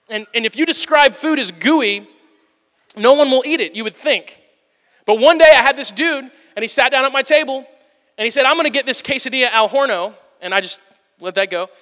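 Bright high-voiced pastor in a reverberant hall. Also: male voice. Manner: animated storyteller acting out dialogue. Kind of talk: sermon with personal stories. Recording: long reverb of a large hall.

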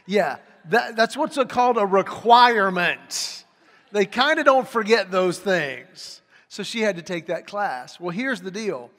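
A man in his forties preaching a sermon, telling a story in an animated way and acting out the people in it. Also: high voice, unhurried. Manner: animated storyteller, acts out quoted voices. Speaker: pastor. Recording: long hall reverb.

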